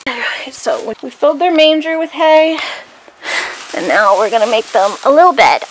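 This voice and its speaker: A woman's voice: high voice, animated, normal speed, a little hiss or hum. A young woman vlogging casually while caring for her goats in a barn, chatting with lots of "like" and cooing at the animals. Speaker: vlogger and goat keeper. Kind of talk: casual chat. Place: outdoor goat barn.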